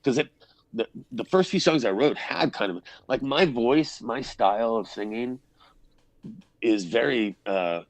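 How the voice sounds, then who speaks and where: A man's voice: medium pitch, lively intonation, unhurried, no room sound. A man, a band frontman, telling stories in a casual interview, rambling and swearing freely. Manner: rambling storyteller, swears freely, acts out quotes.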